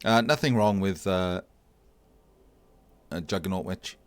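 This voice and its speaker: A man casually commentating a video game tournament match, analysing plays in a relaxed, thinking-aloud way. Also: sits low, measured pace. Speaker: tournament caster.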